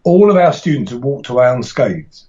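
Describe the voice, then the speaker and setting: A man's voice: mid-range voice, sing-song, normal speed, mellow, lo-fi sound. A man talking casually as a podcast guest about teaching martial arts, rambling and enthusiastic, with frequent restarts and laughs.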